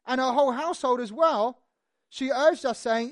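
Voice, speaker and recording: A preacher giving a sermon, telling the story in an animated, conversational way with lively asides. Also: sits high, moderate pace, no room sound, clean studio sound.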